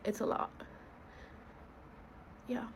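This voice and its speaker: A woman in her thirties, a school therapist from the United States, speaking in an emotional, halting, heartfelt personal video monologue. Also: slight background noise, poor audio.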